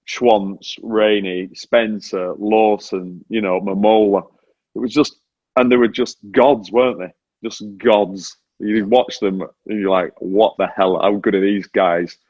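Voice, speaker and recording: Joining a casual interview remotely, this former motorcycle racer from Britain, now in his forties, tells lively, self-mocking stories in British English. He speaks at a measured pace in a voice on the low side. The sound is lo-fi and free of echo.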